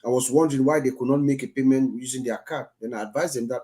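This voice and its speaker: Man explaining stuff on a group call, mid voice, calm with some ums. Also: medium pitch, fast, hardly any pauses. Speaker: meeting participant.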